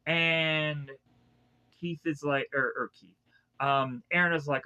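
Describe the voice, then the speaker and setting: A man with a bright, tense, somewhat high voice recaps anime episodes in a loose, rambling way, restarting his sentences often. He keeps slipping into quick, animated impressions of the characters as he goes. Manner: rambling, loosely retells scenes with many restarts. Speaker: anime reviewer.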